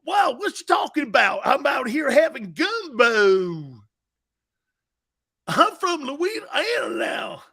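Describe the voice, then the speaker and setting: A man voicing a phony middle-aged football coach with a hammy fake Southern drawl, shouted and mocking. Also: extremely high pitch, big pitch swings, slow, vocal fry, pitched above the performer's own voice, full character voice.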